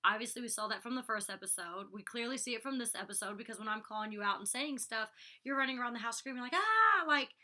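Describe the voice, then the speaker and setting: A woman's voice: fairly high pitch, fairly even intonation, fast talker, hardly any pauses, bright, forceful tone. A woman in her twenties chatting through a casual vlog recap, saying "like" and "you know" a lot. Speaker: reality show cast member recapping an episode.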